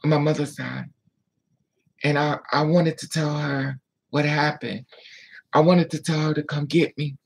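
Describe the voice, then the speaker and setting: A vlogger telling a painful personal story in a candid, emotional way, sometimes dropping to a hush, and answering viewer comments aloud. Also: medium pitch, flat delivery, a little slow, gravelly, long pauses, slightly rough, low-quality recording. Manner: emotional, candid storytelling with frequent hushed asides. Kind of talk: casual story time monologue.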